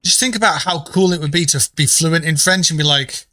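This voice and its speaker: A man chats loosely on a game live stream, wandering from topic to topic and cursing casually. His voice sits a little high with a bright, forward edge. The sound is dry and close, with no room around it. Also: brisk, no echo. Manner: rambling, joking, swears casually. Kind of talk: casual live-stream chat while gaming.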